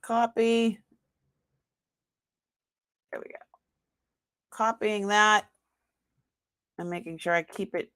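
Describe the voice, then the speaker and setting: Live sale host, woman, Boston accent, slow and chatty. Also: medium pitch, clean tone. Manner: chatty, talks to herself while working the screen; excited squeals when announcing a winner. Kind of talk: live-stream chat.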